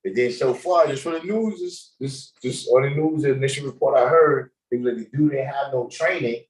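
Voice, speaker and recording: A man hosting a casual livestream chat, telling stories in an animated, slangy way and laughing often. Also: mid-range voice, a little fast, poor audio. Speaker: host.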